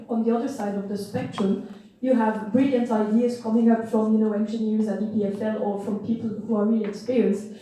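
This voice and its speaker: A woman pitching her startup, frank and emphatic, with a voice that is going hoarse. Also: dark tone. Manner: frank, emphatic, apologizes in passing. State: losing her voice. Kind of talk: pitch presentation. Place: event hall. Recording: echoey hall, distant mic, faint noise.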